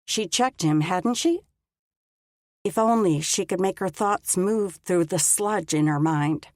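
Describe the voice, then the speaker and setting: A woman reads an audiobook with calm, measured storytelling, her voice low-pitched. She takes it very slowly, and the sound is dry and close. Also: no room sound. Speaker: audiobook narrator. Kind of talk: scripted narration.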